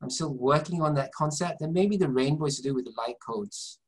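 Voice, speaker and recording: A man's voice: a little high, a little fast, breathy edge, poor audio. Man, interview guest, earnest, meandering, restarts often. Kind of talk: conversational storytelling. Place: Southampton, UK.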